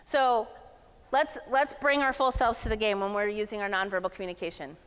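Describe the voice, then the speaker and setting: A woman giving a lively, playful workshop talk at a summit, speaking casually to a live room. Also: medium pitch, brisk, clean tone. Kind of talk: energetic motivational workshop talk. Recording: long hall reverb.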